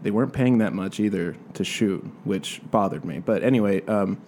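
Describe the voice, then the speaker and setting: A man with a fairly low voice, chatting casually on a podcast. He rambles through his story and swears a lot, with a faint hiss of noise behind him. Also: normal speed, darkish tone. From Southern California.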